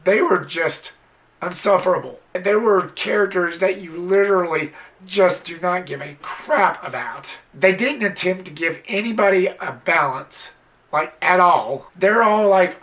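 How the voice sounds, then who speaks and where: A movie reviewer giving a casual, blunt spoken film review, exasperated and swearing a little, sometimes jumping into high squealing impressions. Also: a little slow, a bit bright. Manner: mimics characters in sudden high squeals.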